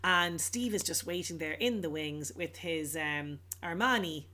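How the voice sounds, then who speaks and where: A woman's voice: lowish voice, a little slow, pushed and bright. A woman co-hosting a casual chat, retelling a film with laughter and put-on voices. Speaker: podcast co-host.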